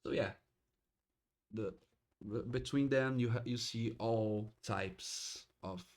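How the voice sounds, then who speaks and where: Slow, halting man running a tabletop game. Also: mid-range voice, a little mellow. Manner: halting, many restarts and fillers. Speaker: game master.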